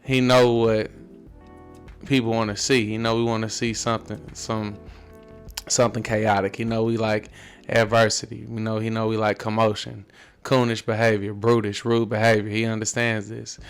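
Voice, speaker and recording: A man's voice: fairly low pitch, flat delivery, moderate pace, clear, resonant tone, faint music behind. A man hosting a reaction commentary, talking in a laid-back drawl and often ending lines with "man". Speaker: commentary channel host.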